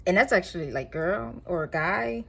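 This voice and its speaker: A woman doing a casual tarot reading, talking in a chatty, rambling way with animated asides. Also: fairly low pitch, moderate pace, vocal fry, breathy edge. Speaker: tarot reader.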